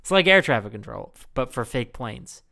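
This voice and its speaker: A man's voice: mid-range voice, big pitch swings, a little fast, gravelly, sharp tone. A man hosting a podcast, telling rambling jokey stories with lots of fillers. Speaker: podcast host. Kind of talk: casual podcast chat.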